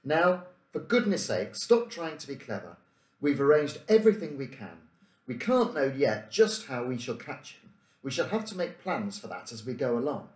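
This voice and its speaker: A man's voice: medium pitch, sing-song, moderate pace, voice pushed up, close to an everyday voice. A man reading aloud and voicing a sensible, bossy schoolboy leader who talks in a prim, precise way. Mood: earnest. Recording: roomy room echo.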